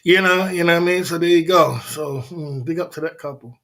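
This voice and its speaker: A man talks casually to his livestream chat, his voice sitting a little high for a man. He drawls through slangy asides and laughs between his points. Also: brisk, sharp tone. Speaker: livestream host.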